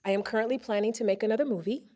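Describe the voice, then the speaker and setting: A woman presenter reading a first-person story aloud on a theater stage into a microphone, with expressive comic timing. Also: a little high, racing. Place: theater stage before a live audience.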